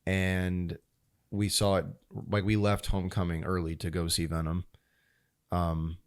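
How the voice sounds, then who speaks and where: A young man with a slightly low voice chats on a podcast about movies he likes. He sounds animated and loose, swearing casually and leaning on a lot of fillers as he talks. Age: young adult. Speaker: podcast co-host. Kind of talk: casual chat.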